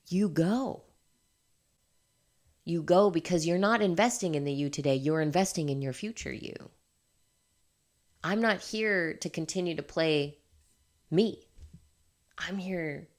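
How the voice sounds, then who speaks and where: A woman with a notably low voice speaks as a life coach in a candid motivational monologue. She is emphatic and laughs often. She swears without a second thought. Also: darkish tone.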